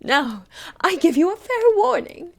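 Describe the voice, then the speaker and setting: Woman doing a bossy shouting Queen. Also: high voice, big pitch swings, moderate pace, husky, full character voice. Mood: imperious. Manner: bossy, barking commands. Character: furious shouting tyrant Queen. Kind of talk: whispered role-play.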